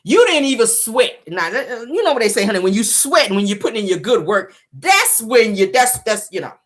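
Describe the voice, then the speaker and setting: A woman's voice: on the high side, very animated, a little fast. A woman hosting her own show, giving casual gossip commentary in a sassy, profane way, laughing often and acting out both sides of a scene. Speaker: show host.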